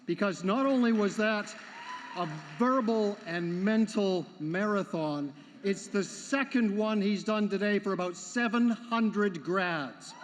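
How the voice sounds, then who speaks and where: A man emceeing a graduation ceremony, making announcements with light, joking asides. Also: sits high. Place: large hall. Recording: long hall reverb with faint noise.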